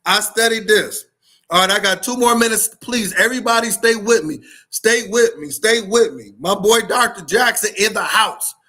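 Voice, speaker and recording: A man's voice: sits high, moderate pace, bright, forceful tone. A man hosting a live talk, preaching with fiery repetition and slangy to his listeners. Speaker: podcast host, school leadership speaker. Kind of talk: live-streamed motivational talk.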